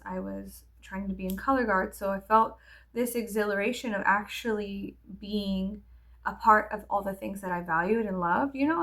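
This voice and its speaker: A woman's voice: medium pitch, vocal fry, a bit bright. A woman vlogger telling a candid, rambling story in casual get-ready-with-me chat, swearing freely.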